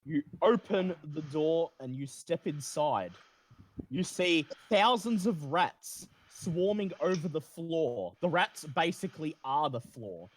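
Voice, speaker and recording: A man narrating as game master of a tabletop game over voice chat, lively and descriptive. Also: fairly high pitch, slow pace, a little hiss or hum.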